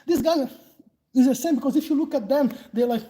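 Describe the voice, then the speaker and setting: High-voiced Brazilian man coaching self-defense. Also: fairly quick, warm tone, poor audio. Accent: Brazilian Portuguese. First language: Portuguese. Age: 40s. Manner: laughs often, loose and chatty. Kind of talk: casual live Q&A and instruction.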